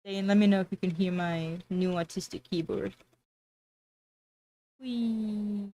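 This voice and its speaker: A woman's voice: on the low side, flat delivery, a little fast, dark tone. A woman streamer chatting casually and sarcastically, often trailing off and restarting her sentences. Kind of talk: casual livestream chat.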